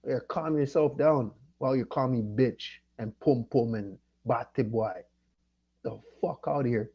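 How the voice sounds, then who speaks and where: A man's voice: medium pitch, normal speed, dark tone, slightly rough, lo-fi sound. A man from Jamaica hosting his channel, ranting with profanity and repeating himself, tipsy from liquor and weed. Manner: profane, annoyed, repetitive ranting. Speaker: channel host. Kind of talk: livestream rant.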